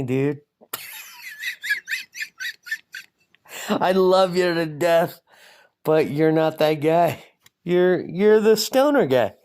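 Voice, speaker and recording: A man with a fairly high, creaky voice hosts a podcast by himself. He rants casually, swearing and poking fun at himself as he rambles through a monologue.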